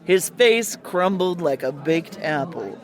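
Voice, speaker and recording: A woman narrating a hardboiled comic mystery story in a wry, deadpan, theatrical way. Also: fairly low pitch, slow, some chatter behind.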